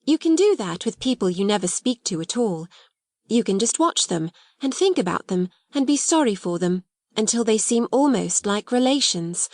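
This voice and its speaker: A woman's voice: mid-range voice, very animated, moderate pace, darkish tone, dry recording, studio quality. A woman voicing a proud young schoolgirl who speaks in a grand, polite, self-possessed way. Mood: earnest.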